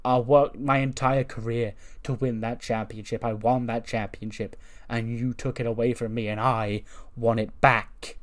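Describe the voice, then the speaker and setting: A man voicing a burly male wrestler who loves a fight, gruff and boastful. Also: mid-range voice, flat delivery, normal speed, natural voice.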